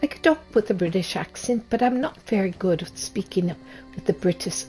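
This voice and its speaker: A woman streaming a video game, giving casual, unhurried commentary and thinking aloud. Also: mid-range voice, expressive, mellow, soft background music.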